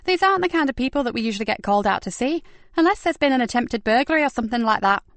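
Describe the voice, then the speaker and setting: A woman narrator voicing a brisk, wry female police constable, raised and lively. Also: a little high, no room sound, voice pushed up.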